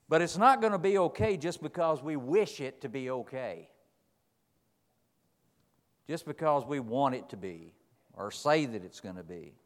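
A middle-aged man preaching a sermon, folksy, telling stories and asking rhetorical questions, moving between quiet and loud. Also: medium pitch. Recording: long hall reverb.

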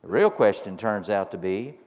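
Pastor guy preaching, kinda low voice, lots of questions stacking up louder, big church echo. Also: animated, moderate pace. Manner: preaching with repeated rhetorical questions, building to emphatic peaks. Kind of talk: sermon. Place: church sanctuary. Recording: long reverb of a large hall.

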